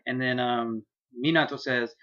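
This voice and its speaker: A man giving a casual manga chapter review, excitable and profane, laughing as he loosely retells scenes. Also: mid-range voice, moderate pace, lo-fi sound.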